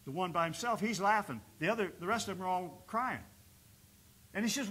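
A man preaching a sermon as pastor in a church, swinging between loud exhortation and quiet storytelling. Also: sits high, animated, a little fast, breathy edge. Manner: preaches with rising bursts and quiet storytelling dips. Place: church sanctuary.

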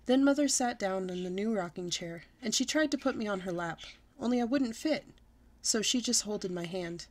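A woman storyteller reading a children's book aloud with expressive, lively delivery. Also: medium pitch, moderate pace.

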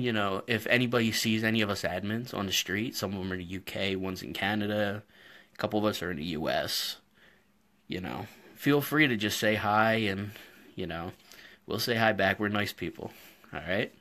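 Male stream host, lower voice, loose chatty storyteller, talking into a phone in his workshop. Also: bright, forceful tone. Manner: rambling, chatty storytelling with frequent fillers. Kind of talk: casual live-stream chat. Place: indoor home workshop. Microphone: phone camera.

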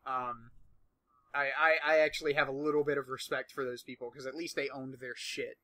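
A man's voice: mid-range voice, level tone, a little fast, sharp tone. A man in a casual podcast chat, talking bluntly and swearing often. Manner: blunt and profane.

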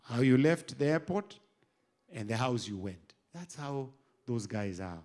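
A middle-aged Kenyan bishop preaching an animated sermon, moving from quiet asides to loud exhortation. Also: male voice, mid-range voice, measured pace. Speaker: bishop and pastor.

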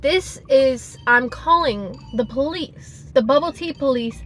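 Young woman w a high voice doing a dramatic food review vlog from her car, faint music behind. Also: animated, unhurried, hardly any pauses, a bit bright. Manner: dramatic, exaggerated disgust. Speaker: vlogger. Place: parked car.

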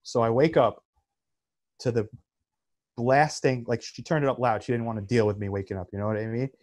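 Animated, swearing man telling a story. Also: medium pitch, a little fast. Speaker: podcast co-host. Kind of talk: casual chat.

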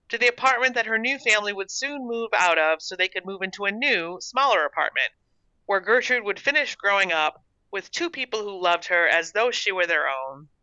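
Author narrating own story, storybook reading, bright tone, dry close sound. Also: medium pitch, no room sound, highs cut off.

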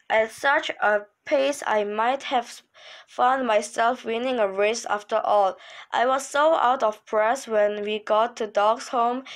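A woman's voice: fairly high pitch, low-quality recording. A female reader reading a children's novel aloud, with slips and restarts. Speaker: book reader.

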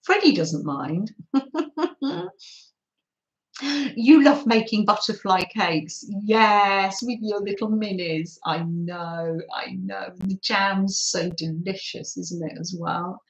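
Older woman, craft live-stream host; soft, slow, chatty, echoey room. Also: medium pitch, highs cut off. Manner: soft, chatty, often laughing and apologising. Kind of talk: gentle live-stream chat with viewers.

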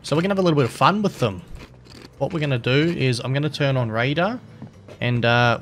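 A man's voice: medium pitch, expressive, fairly quick, fairly bright tone, soft background music. A young man commentating his game live, cheeky and taunting, swearing freely. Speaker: gaming streamer and server admin.

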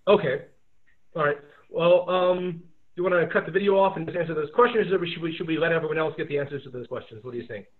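A man teaching a lesson over a video call, in a relaxed, rambling way full of fillers. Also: fairly high pitch, quick pace. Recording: tinny phone-like audio.

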